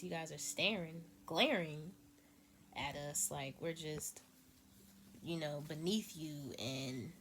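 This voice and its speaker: A woman telling a story in a casual vlog, speaking softly and hesitantly as she holds back emotion, recorded at home. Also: low voice, a little hiss or hum. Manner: soft-spoken and hesitant, holding back emotion. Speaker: vlogger.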